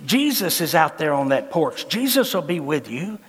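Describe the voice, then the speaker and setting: Man voicing a gentle mama, soft and reassuring, in a reverberant hall. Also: fairly high pitch, very animated, normal speed, slightly rough. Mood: soothing. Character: patient Southern mother, calm and soothing.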